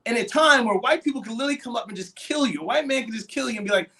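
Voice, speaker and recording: A man co-hosting a casual movie discussion podcast, animated and acting out quoted voices as he talks. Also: extremely high pitch, fast talker, few pauses. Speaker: podcast co-host.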